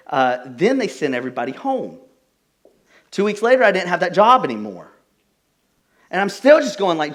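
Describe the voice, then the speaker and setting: A man's voice: sits high, normal speed, long pauses. A young adult man preaching a casual, conversational sermon as pastor, telling stories with plenty of filler words. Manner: animated storytelling, many fillers like "like".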